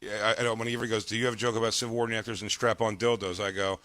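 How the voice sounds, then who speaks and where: A man's voice: fairly low pitch, little pitch movement, rapid-fire, fairly bright tone, no echo. A man co-hosting a comedy radio show in casual, profane chat, acting out quoted lines. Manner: loose and profane, acts out quotes.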